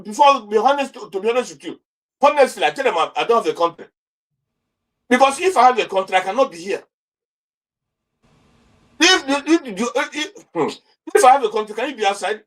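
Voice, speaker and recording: A man with a Nigerian accent and a high-pitched voice gives heated political commentary as an interview guest. He repeats himself, restarts his sentences and fires off rhetorical questions. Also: rough recording.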